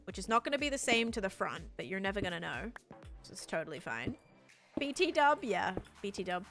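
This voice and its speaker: A woman's voice: mid-range voice, big pitch swings, a little fast, gravelly, over music. A young woman with an Australian accent chatting casually on a live stream, reading and answering chat while building in a game.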